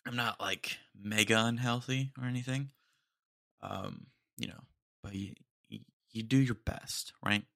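A man's voice: medium pitch, measured pace, vocal fry, a bit bright, no echo, clean studio sound. A man hosting a casual solo podcast, rambling and joking as he talks. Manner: rambling and jokey, says "dude" a lot. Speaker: podcast host.

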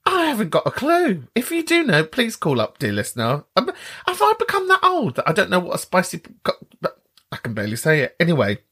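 A man's voice: sits high, huge pitch swings, fairly quick, bright, forceful tone, slightly rough. A man in his thirties hosting a podcast, chatting casually and responding to callers in a camp, jokey way with frequent giggles. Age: 30s. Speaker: podcast host.

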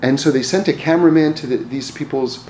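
A man's voice: medium pitch, brisk, darkish tone, slight background noise. A man telling personal stories in a casual, rambling way, often restarting his words and chuckling. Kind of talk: casual storytelling talk. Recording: roomy echo, faint ambience.

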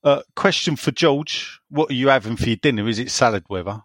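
A man's voice: mid-range voice, a little fast, a bit bright, no room sound, studio quality. A man co-hosting a casual football podcast, reading out listener messages with teasing, jokey banter and frequent laughter.

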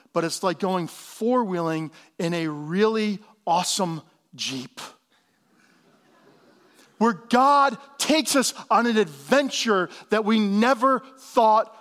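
A man's voice: sits high, lively intonation, slow pace, a bit bright. A male pastor giving a sermon in a casual, conversational way, with slangy asides.

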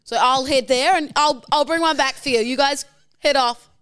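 A woman voicing a sneaky female vegan protester who talks in a bright, falsely cheerful, quick way. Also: high voice, pitched above the performer's own voice.

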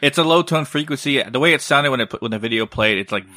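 A man's voice: medium pitch, fast talker, sharp tone, dry recording. A man co-hosting a podcast who tells a story in a rambling, casual way, swearing often and checking in with "right?". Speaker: podcast co-host.

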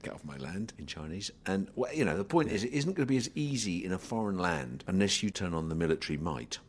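A man's voice: deep voice, animated, fast talker, a little hiss or hum. A British man hosting a casual discussion, blunt and joking, trailing off into asides.

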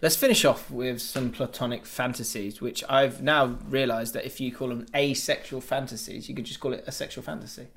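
A man from England co-hosting a casual podcast, chatting loosely and trailing off into soft mumbles. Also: medium pitch, steady tone, a little fast, few pauses. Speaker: podcast co-host. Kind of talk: casual chat.

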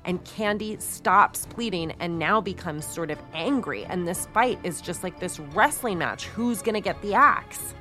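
A woman's voice: fairly low pitch, lively intonation, measured pace, few pauses, pushed and bright, soft background music. A woman co-hosting a podcast, telling a true-crime story in a chatty, casual way with many fillers. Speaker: podcast co-host.

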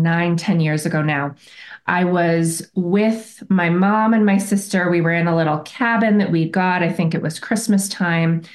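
Woman podcast guest with a lowish voice, reflective and earnest, self-correcting as she tells a story. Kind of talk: conversational interview storytelling.

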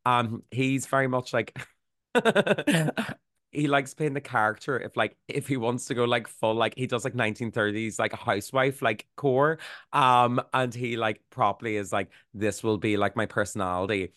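A man's voice: mid-range voice, steady tone, moderate pace, fairly bright tone, dry recording, studio quality. A man co-hosting a podcast, telling stories in a loose, laughing way with lots of fillers. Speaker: podcast co-host. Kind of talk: casual podcast chat.

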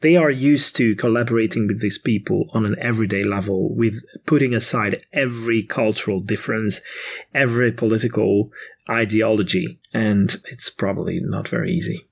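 A man's voice: on the low side, vocal fry, breathy edge. A man co-hosting a podcast, speaking earnestly and thoughtfully with frequent hesitations. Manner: earnest, thoughtful, hesitant fillers, quick to laugh. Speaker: podcast co-host. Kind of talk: casual podcast discussion.

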